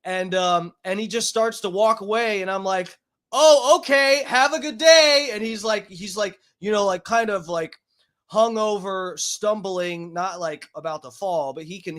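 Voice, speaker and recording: A man's voice: high-pitched, fairly bright tone. A man telling a rambling, profanity-laced story in a casual vlog. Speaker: vlogger.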